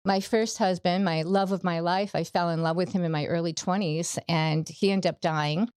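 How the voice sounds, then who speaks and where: A woman's voice: fairly low pitch, steady tone, moderate pace, darkish tone, clean tone, dry recording, studio quality. A middle-aged woman, a podcast guest, giving a personal faith testimony in an earnest storytelling way, acting out the quoted dialogue.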